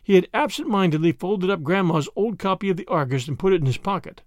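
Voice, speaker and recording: A man narrating a classic story with an expressive reading. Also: high-pitched, fast, no room sound, clean studio sound. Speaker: audiobook narrator.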